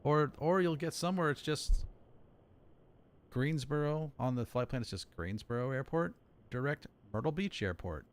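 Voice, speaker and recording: A man's voice: medium pitch, animated, measured pace, pauses often. A man in his late thirties, an air traffic controller, chatting casually on a live stream and explaining things through repeated examples. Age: 30s.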